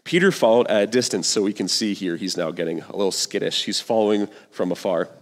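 A man's voice: lowish voice, fast talker. Man preaching in a reverberant hall. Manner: conversational, slangy, earnest. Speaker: pastor. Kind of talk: sermon.

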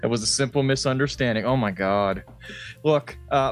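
A man's voice: medium pitch, normal speed, faint music behind. A man co-hosting a podcast, rambling through casual chat, swearing often and laughing a lot. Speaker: podcast co-host.

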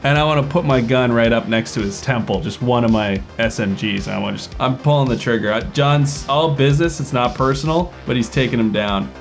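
A man's voice: medium pitch, fairly quick, few pauses. A man with a mid-range voice plays a tabletop game, cheering and swearing as he lays out his character's moves. Faint music sits behind him. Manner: eager, profane player declaring actions. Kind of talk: casual game chat.

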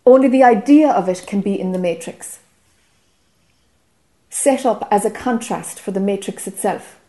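A woman's voice: mid-range voice, normal speed, warm tone. A woman with an Irish accent giving a spiritual teaching talk to a group, earnest and often checking whether listeners follow.

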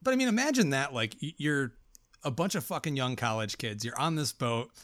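Swearing podcast dude rambling about a movie, middle pitch, dry close mic. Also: male voice, brisk, dry recording. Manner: profane, rambling, animated. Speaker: podcast co-host. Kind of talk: casual film discussion.

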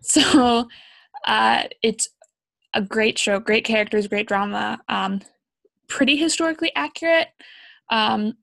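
A woman's voice: on the high side, unhurried, creaky, pauses often, a bit bright, no room sound. A young woman from Canada co-hosting a casual chat, talking with many ums and likes. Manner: chatty, frequent ums and likes.

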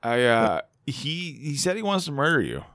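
Jokey man with a lively voice. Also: fairly high pitch, normal speed, no echo, clean studio sound. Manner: jokey, puts on voices for bits, swears. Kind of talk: casual chat.

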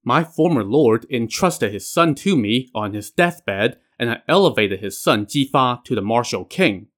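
A man's voice: mid-range voice, lively intonation, unhurried, a bit bright. A man reading as an earnest old sage. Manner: earnest, dutiful, firm. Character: earnest older male sage and prime minister.

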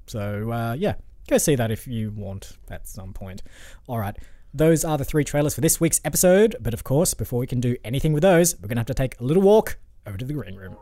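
Mellow-voiced man hosting a film podcast. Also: medium pitch, lively intonation, a little fast, dry recording. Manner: easygoing, agrees a lot, fillers. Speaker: podcast host. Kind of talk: casual film review chat.

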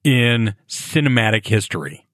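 A man's voice: fairly low pitch, sing-song, unhurried, fairly bright tone, no echo, clean studio sound. A man co-hosting a podcast in casual, enthusiastic chat. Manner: enthusiastic, agreeable. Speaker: podcast co-host.

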